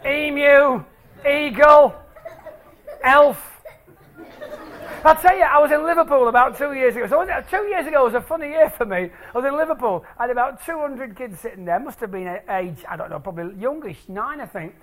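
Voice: high voice, animated, normal speed, fairly bright tone. A stage presenter doing maths tricks live for an audience in a hall, playful and jokey as they draw the crowd in.

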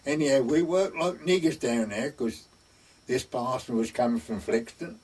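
Husky old storyteller. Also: male voice, mid-range voice, expressive, moderate pace, a little mellow, recorded from a distance. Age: older. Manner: chatty, dry anecdotal humor. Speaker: village storyteller. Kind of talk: oral-history storytelling.

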